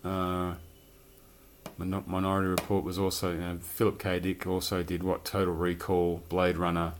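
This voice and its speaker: A man's voice: low-pitched, monotone, normal speed, background noise. A man chatting casually and rambling about his film collection, swearing now and then. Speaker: collector showing his films. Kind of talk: casual chat.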